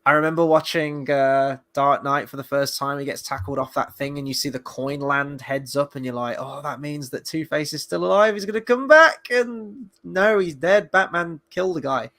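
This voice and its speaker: A man's voice: mid-range voice, fairly even intonation, normal speed, few pauses, a bit bright. A man hosting a casual show review, rambling with lots of fillers and the odd swear word. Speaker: podcast host.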